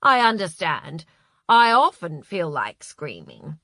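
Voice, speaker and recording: A woman voicing a flustered, apologetic male literary agent who talks in a hurried, gushing way. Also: low voice, big pitch swings, sharp tone, dry recording, clean studio sound, exaggerated voice. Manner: gushing, hurried, self-reproaching.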